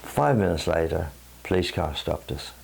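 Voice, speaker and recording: A man's voice: low voice, expressive, normal speed, vocal fry, husky. An older man and singer telling a rambling anecdote to an old bandmate, chuckling as he goes, in a living room at home. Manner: rambling storyteller, chuckles, mimics voices in jokes. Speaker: singer and show host.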